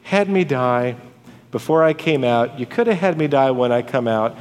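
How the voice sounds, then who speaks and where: A man's voice: medium pitch, lively intonation, moderate pace, natural voice. A man voicing Job, an anguished suffering man crying out to God in a raised, pleading voice. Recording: long church hall reverb.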